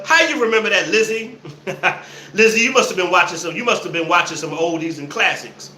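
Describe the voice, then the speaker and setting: A man in a live commentary show, mocking what he hears and laughing hard. His voice is high and bright. It echoes around a roomy space, with faint noise underneath. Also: lively intonation, normal speed. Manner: loud laughing, mocking, repeats phrases. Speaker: host reacting to clips.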